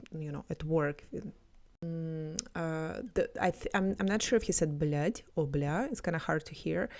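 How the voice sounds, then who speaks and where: A woman explains words and phrases in a relaxed, teacherly way, filling her pauses with ums. Her voice sits low for a woman. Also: creaky. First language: Russian. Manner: explanatory, many fillers. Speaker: language teacher. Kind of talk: explaining language clips.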